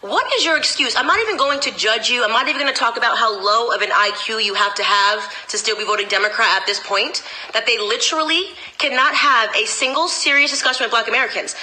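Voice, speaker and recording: A woman's voice: a little high, fast talker, hardly any pauses, pushed and bright, poor audio. A woman political commentator talking straight to camera in a sarcastic, emphatic rant.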